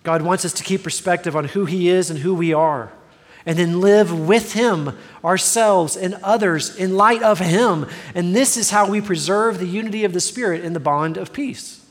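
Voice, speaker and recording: A man's voice: high voice, moderate pace, long reverb tail. A man in his forties preaching a sermon as a pastor, earnest and conversational with self-deprecating humor.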